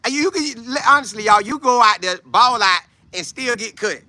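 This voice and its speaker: A man in his twenties, hosting a casual football show, talking loudly and boastfully with lots of energy. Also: very high voice, moderate pace, no echo. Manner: loud, trash-talking, animated. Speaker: show host, football player. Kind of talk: casual livestream chat.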